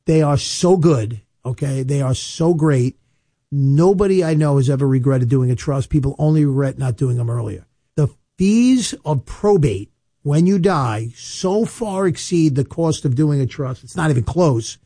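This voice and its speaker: A man, an estate planning attorney giving casual, chatty advice with storytelling asides and emphatic slowed-down points. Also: on the high side, lively intonation, warm tone, breathy edge, no room sound, clean studio sound. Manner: emphatic, slows down to stress points. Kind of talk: casual advice monologue to camera.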